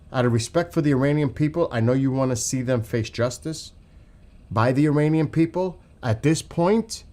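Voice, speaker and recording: Speaking in a mid-range voice with a somewhat dark tone, this New York-accented man hosts a live stream. He delivers heated, profanity-laced political commentary aimed at his chat.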